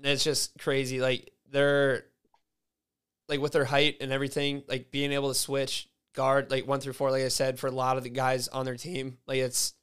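Casual man, flat even voice. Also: mid-range voice, normal speed, smooth. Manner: loose, swears freely, leans on "like". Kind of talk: casual sports chat.

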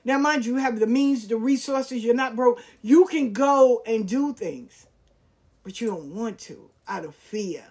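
A woman's voice: fairly high pitch, measured pace, breathy edge. A woman telling a personal story in casual, slangy talk, acting out the voices of people she quotes. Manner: animated, acts out quoted voices, slangy and frank.

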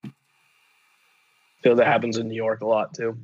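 A man's voice: on the low side, completely flat delivery, normal speed, slightly rough, muffled recording. A man telling a rambling, profane story in casual chat, full of fillers and restarts. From United States.

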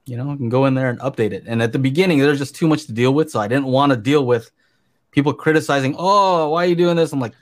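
A man's voice: medium pitch, fast talker. A man co-hosting a podcast in casual chat, easygoing and fond of teasing his co-host.

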